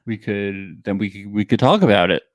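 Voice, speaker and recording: A man's voice: fairly low pitch, moderate pace, dry recording. A man co-hosting a podcast, recapping a reality show in casual chat, joking and laughing often. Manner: joking, laughs often, puts on voices for people he quotes. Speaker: podcast co-host.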